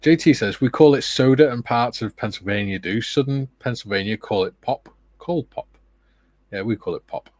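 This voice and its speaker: A man with a British accent hosting a relaxed livestream, reading viewer comments aloud and chatting casually with joking asides. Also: medium pitch, normal speed, dry recording. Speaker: livestream host.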